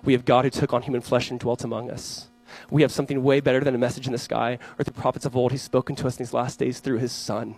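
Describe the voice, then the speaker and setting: A young man, a pastor, preaching a sermon to his congregation, telling animated stories and acting out voices in his anecdotes. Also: medium pitch, fast talker, hardly any pauses, rough recording.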